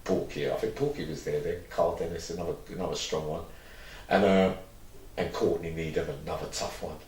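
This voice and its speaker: A man's voice: low-pitched, fairly even intonation, brisk, a little mellow, recorded from a distance, a little hiss or hum. A man, an interview guest telling long, rambling stories and acting out what others said. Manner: rambling, acts out quoted dialogue. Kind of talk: candid storytelling interview. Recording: roomy echo, mic set back.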